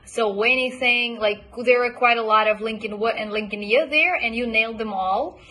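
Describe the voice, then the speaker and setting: A woman coach giving recorded feedback on a student's homework, praising them and modeling words by repeating them slowly. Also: on the high side, pushed and bright. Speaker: accent coach.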